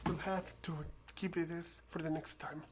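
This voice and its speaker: A gamer with a non-native accent narrating a stealth game in a calm, coaching way, often dropping to a whisper. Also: mid-range voice, a little slow, noisy background. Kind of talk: gameplay commentary.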